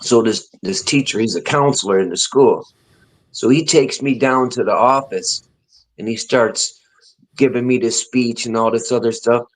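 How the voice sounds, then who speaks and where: A man's voice: mid-range voice, moderate pace, poor audio. A man co-hosting a casual chat show, telling a long profane anecdote with frequent laughter.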